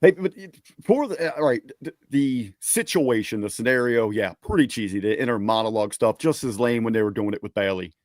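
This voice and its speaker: A man's voice: medium pitch, expressive, a little fast, no echo, clean studio sound. A man co-hosting a casual podcast who asks easygoing, joking questions. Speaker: podcast co-host. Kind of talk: casual chat.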